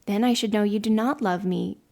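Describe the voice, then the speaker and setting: A woman's voice: mid-range voice, a little fast, creaky, a little mellow, close to an everyday voice. A woman reading a mother's lines, tender and sorrowful. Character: loving, tearful mother of two.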